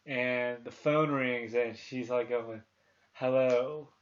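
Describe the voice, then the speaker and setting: Thirties male host, casual movie chat, rambling delivery, mid-pitched voice, slightly dull recording. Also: steady tone, slow pace, a bit bright. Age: 30s. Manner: rambling, many restarts and fillers, retells scenes. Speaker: podcast host.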